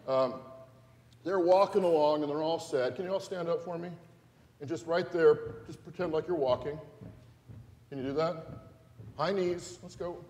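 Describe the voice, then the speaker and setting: A man's voice: on the high side, moderate pace, long pauses, a little mellow, slight background noise. Playful man in an echoey church. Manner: playful, interactive, asks kids questions. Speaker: pastor. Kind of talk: children's sermon. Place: large church sanctuary.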